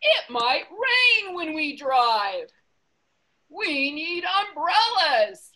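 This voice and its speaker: A woman voicing a fussy, worried male elephant who bosses and frets, with a bright, slow delivery in a storybook reading. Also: very high-pitched, sing-song, pitched above the performer's own voice, full character voice. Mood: bossy fretful. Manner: bossy, chanting, fretful outbursts.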